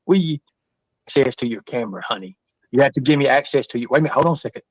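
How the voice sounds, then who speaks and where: A man's voice: mid-range voice, animated, very fast, breathy edge, dry recording, rough recording. A man hosting a livestream panel, roasting and needling his guests in crude, profane banter. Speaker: livestream host.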